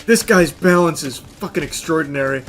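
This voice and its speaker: A man hosting an online video, giving a dry film review and loud gameplay commentary. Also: on the high side, normal speed, soft background music. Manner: dry, flat delivery that breaks into loud excited yelling.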